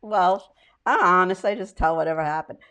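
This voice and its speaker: A woman's voice: fairly low pitch, moderate pace, fairly bright tone. A woman comedian co-hosting a casual chat show, reading out viewer comments and chatting in a giggly, self-deprecating way. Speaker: comedian and co-host.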